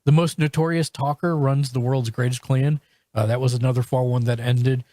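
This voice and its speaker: Podcast host guy, mid pitch, lots of um and restarts, dry close sound. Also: flat delivery, dark tone, no room sound. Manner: halting, full of restarts and fillers. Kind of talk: casual chat reviewing shows.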